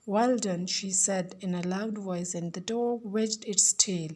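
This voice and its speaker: A woman English teacher giving a recorded lesson, speaking slowly and deliberately and repeating each word for her pupils. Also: medium pitch, steady tone, husky.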